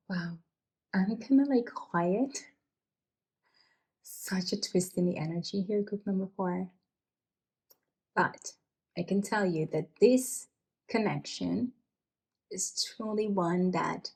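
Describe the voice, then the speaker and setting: A woman giving an emotional pick-a-card tarot reading, sighing and halting with many restarts as she speaks to her viewers. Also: mid-range voice, creaky, darkish tone. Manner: speaks directly to viewers, calling them you guys. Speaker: tarot reader.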